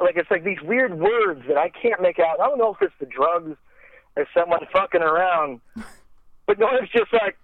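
A man's voice: high-pitched, lively intonation, moderate pace, no echo. A man telling a rambling, profane, self-deprecating story in a casual way, full of "like" and restarts. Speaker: podcast guest storyteller. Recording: tinny phone-like line, dry.

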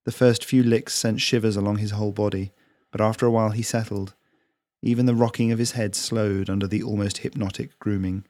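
A man, the author, gently reading his own short story at an unhurried pace. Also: on the low side, little pitch movement, no room sound. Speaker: author and narrator.

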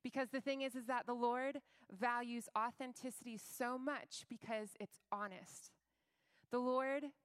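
A young adult woman giving a conversational, earnest sermon about faith, with filler words and lively acted-out quotes. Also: on the high side, no room sound, studio quality. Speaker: Christian speaker.

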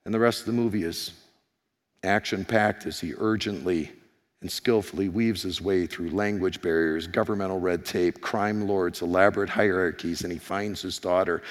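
A man preaching a sermon as pastor, hoarse, animated and firing questions at his congregation. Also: sits low. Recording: long reverb of a large hall.

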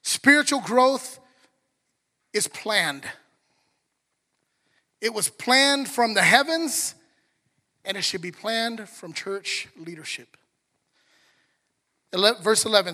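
A man's voice: sits high, takes it slowly, pauses often, bright, forceful tone, in a large hall. A man preaching a sermon as a pastor, joking and talking conversationally with the congregation. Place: church sanctuary.

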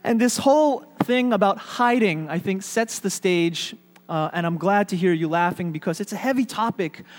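A man preaching a sermon in an easy, conversational manner, his voice sitting a touch higher than most men's. He drops in fillers and light humor as he talks. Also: normal speed. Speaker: pastor.

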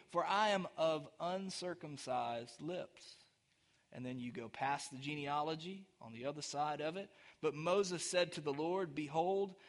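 A man preaching a sermon as pastor, talking conversationally with the congregation and building to emphatic, rising peaks. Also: fairly high pitch.

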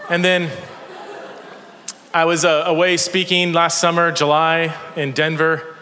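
A man's voice: a little high, level tone, measured pace, long pauses, bright, forceful tone, a little hiss or hum. A man preaching a sermon in a church, telling stories with energy and self-deprecating humor. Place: church sanctuary. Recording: long church hall reverb.

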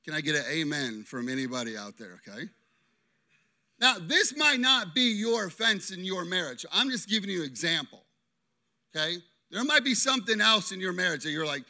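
A man preaching an interactive sermon, animated and constantly checking in with his listeners. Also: high voice, normal speed. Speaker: pastor.

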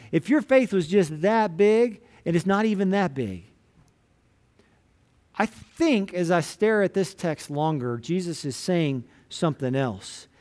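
Pastor, man, higher voice, relaxed storytelling sermon style. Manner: casual storytelling, retelling scripture in everyday words.

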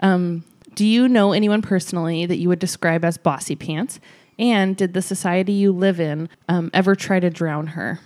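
A woman's voice: lowish voice, normal speed, darkish tone. Giggly woman leading a chat. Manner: giggly, playful. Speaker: discussion leader asking the questions. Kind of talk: casual group chat.

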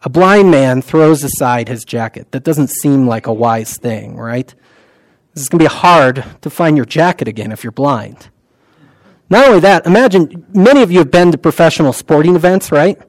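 A man preaching in a loose, conversational style, often pausing on fillers and dropping to a hushed voice for recited prayers. His voice sits a little higher than most men's and is recorded close and dry, with no room sound. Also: lively intonation, no room sound, rough recording. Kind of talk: sermon.

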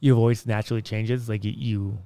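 A man's voice: fairly low pitch, fairly even intonation, a little fast, warm tone, no echo. A man hosting a podcast in casual chat, rambling and often restarting his sentences into a studio mic. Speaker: podcast host.

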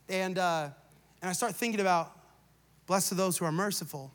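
A man in his thirties, a pastor, preaching a sermon and telling a family story, swinging between loud preaching and quiet asides. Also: high-pitched, fast talker, long reverb tail. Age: 30s. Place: church.

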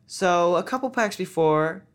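A teenage boy, a guest on a casual chat, telling his story with eager excitement. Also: sits high, unhurried, clean tone. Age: teens.

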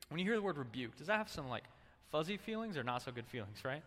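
A male pastor preaches in a church sanctuary in a casual, conversational, animated way, calling on the congregation to answer back. His voice is a little high and fast, with a big-room sound.

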